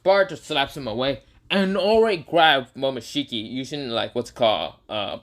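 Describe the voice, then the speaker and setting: Rambling young man with a bright voice. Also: mid-range voice, expressive, normal speed. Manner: rambling, many fillers and self-corrections. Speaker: storyteller. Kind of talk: casual fan-story retelling.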